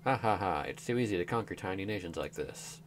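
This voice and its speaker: A man's voice: sits low, lively intonation, fast, slight background noise. A man voicing a smug male sorcerer who gloats about conquering nations, read from a game. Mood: gloating.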